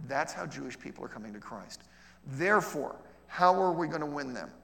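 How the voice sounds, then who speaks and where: A middle-aged man with a somewhat high, gravelly voice teaches a session as a missionary, talking to the room and often checking in with "okay?". He acts out little exchanges with lively shifts in tone. His words ring out with the long reverb of a large hall. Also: brisk. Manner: conversational, checks in with frequent "okay?".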